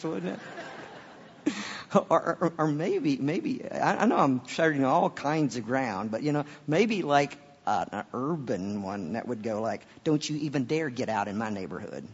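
Man preaching in a reverberant hall. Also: slight background noise. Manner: swings from booming emphasis to quiet asides, repeats words. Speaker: pastor. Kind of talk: sermon. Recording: dull sound with long hall reverb.

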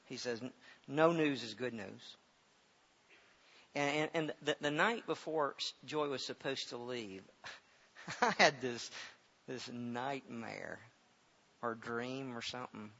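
Gravelly middle-aged male preacher, lo-fi. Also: medium pitch. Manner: halting, repeats words, grows loud and emphatic when preaching. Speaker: pastor. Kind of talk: sermon with personal story. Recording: dull lo-fi recording with faint hiss.

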